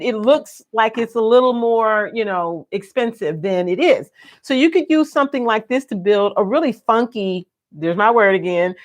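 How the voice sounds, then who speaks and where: A woman hosting a home decor video, chatting playfully and expressively as she demonstrates. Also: medium pitch. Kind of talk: casual live demo.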